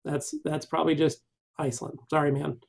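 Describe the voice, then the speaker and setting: A man on a live question-and-answer stream, reading out viewer comments and answering them in a relaxed, rambling way. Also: on the high side, brisk, creaky.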